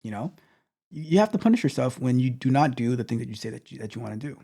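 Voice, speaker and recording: A man's voice: medium pitch, animated, fast talker, gravelly, mellow. A man coaching viewers in a blunt motivational talk, restarting words often and repeating his points. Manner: blunt, repetitive, stammering restarts. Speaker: tech coach.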